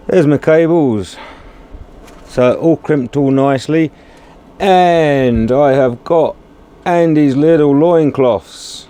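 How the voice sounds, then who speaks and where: A man's voice: fairly high pitch, slow, mellow, clear, resonant tone. Chatty man working in a workshop. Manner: chatty, muttering and humming while working, swears casually. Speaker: DIY video maker. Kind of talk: casual workshop commentary.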